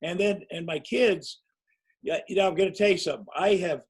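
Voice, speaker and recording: A man's voice: sits high, fairly quick, slightly rough, low-quality recording. A man in his sixties telling long, rambling, self-mocking anecdotes as a guest in a casual interview. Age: 60s. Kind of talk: casual storytelling.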